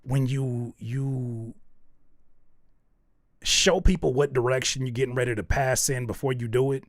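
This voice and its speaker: A man's voice: medium pitch, measured pace, no echo, clean studio sound. A man giving spoken feedback on songs as host, coaching analytically and thinking aloud as he searches for words. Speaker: music reviewer.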